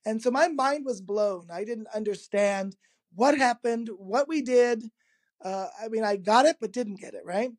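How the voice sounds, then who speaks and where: A man, a guest in an interview, telling a personal anecdote in a lively, casual way, laughing often and acting out the quoted dialogue. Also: sits high, unhurried. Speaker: interview guest, energy healer.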